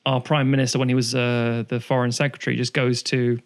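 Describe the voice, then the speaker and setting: A man's voice: mid-range voice, flat delivery, a little fast, clear, resonant tone. A man, co-hosting a casual podcast chat, rambling through long digressions and swearing freely. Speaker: podcast co-host.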